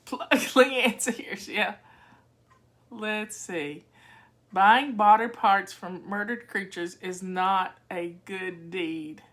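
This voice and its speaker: Talking casually to her live audience, an older home-organizing vlogger responds to comments in a chatty, folksy way. Her mid-range voice stretches words out and has a fairly bright tone.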